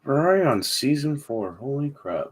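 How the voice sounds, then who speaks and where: A man co-hosting a podcast in casual chat, relaxed and giving brief reactions. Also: medium pitch, moderate pace, husky, no echo. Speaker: podcast co-host.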